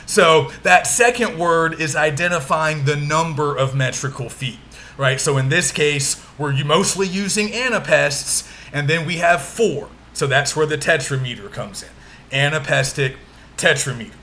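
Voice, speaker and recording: A man delivers a recorded lecture with a bright, forceful tone and a slightly high voice. He explains step by step, checking in with his listeners and stretching out stressed syllables for emphasis. A faint hiss sits under the recording. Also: unhurried. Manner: patient, frequent check-ins, exaggerates stressed syllables when demonstrating. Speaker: literature lecturer.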